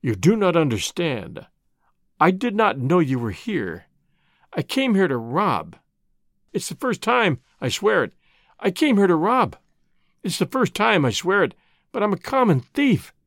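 A man's voice: high-pitched, wildly swooping pitch, measured pace, no room sound, studio quality, full character voice. A man voicing an anguished young man, a prodigal son, speaking thickly and brokenly with guilt.

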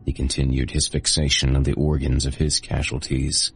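A man hosting and narrating a horror audiobook in a steady first-person storytelling manner. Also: rumbling low, moderate pace, breathy edge, soft background music. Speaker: host and narrator.

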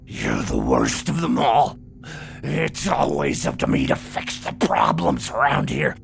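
A man doing a snarling drunken father, gravelly. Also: on the low side, wildly swooping pitch, measured pace, heavily acted. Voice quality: thick, abrasive, slurred. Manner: snarling and shouting. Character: drunken, enraged middle-aged father, menacing.

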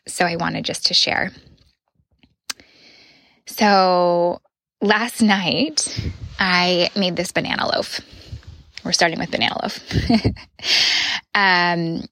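A woman in her thirties hosting a podcast, sharing a personal reflection in an earnest voice that often drops to a soft whisper. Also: lowish voice, dry recording. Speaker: podcast host.

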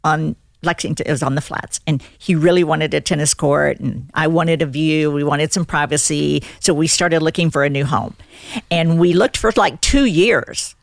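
Older woman, low voice with gravelly fry, lively storytelling, dry close sound. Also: normal speed, dry recording. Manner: animated, acts out quoted lines in the story. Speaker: guest. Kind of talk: casual storytelling.

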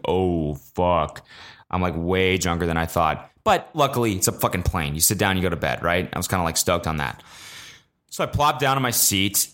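A man's voice: deep voice, a bit bright. A young man hosting a podcast, telling a story in a rambling, profane, self-mocking way, full of fillers. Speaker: podcast host. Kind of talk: casual solo storytelling.

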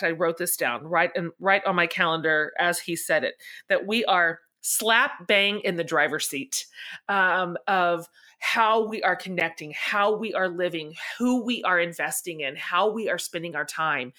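A middle-aged woman hosting a podcast, introducing the episode in an excited, chatty way with lots of fillers. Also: lowish voice. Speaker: podcast host.

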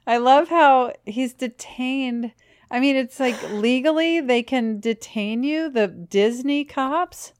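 A woman's voice: high-pitched, slow, clean tone. A woman co-hosting a podcast in casual chat, teasing her friend and asking wry questions. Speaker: podcast co-host.

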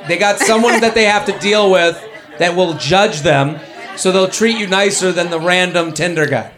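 A man hosting a live comedy advice show on a club stage, riffing in quick, joking, rambling bursts. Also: sits high, over music. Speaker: comedy podcast host. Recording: live audience crowd noise. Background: audience laughter.

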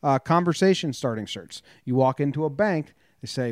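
A man's voice: on the high side, animated, normal speed, no echo, studio quality. A man co-hosting a casual sports podcast, joking and teasing his partner and reading an ad playfully. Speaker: podcast co-host.

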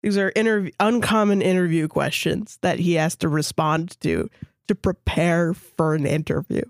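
A woman's voice: on the low side, normal speed, creaky, no echo, studio quality. Blunt, swearing female podcast co-host. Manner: blunt, swears a lot, storytelling. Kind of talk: casual profane chat.

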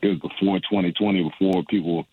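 A young adult stand-up comedian rambles through a casual phone interview, restarting often and laughing along the way. His voice sits low with fairly even intonation and a fast pace, and the dry phone line carries a faint hiss or hum.

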